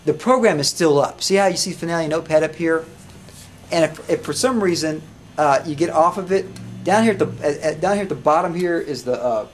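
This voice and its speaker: Casual man teaching a music class. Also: a little high. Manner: casual, halting, asks students questions. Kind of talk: live classroom software demo.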